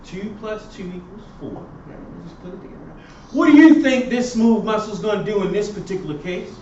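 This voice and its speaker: A man's voice: high voice, sing-song, fast, darkish tone, a little hiss or hum. A male professor giving a classroom lecture. He keeps quizzing his students with fill-in questions. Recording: roomy, distant, dull classroom recording.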